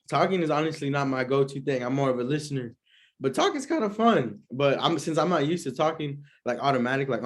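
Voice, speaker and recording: A man's voice: medium pitch, a bit bright. A young man hosting his own podcast, telling a story in a rambling, slangy way with lots of fillers and frequent laughs. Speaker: podcast host. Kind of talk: casual storytelling.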